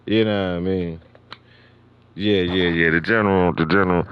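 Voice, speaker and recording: A man's voice: sits low, fairly even intonation, moderate pace, pauses often, muffled recording, a little hiss or hum. A middle-aged man from New York City hosting a gaming livestream, rambling in slangy casual chat and laughing often. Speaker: livestream host.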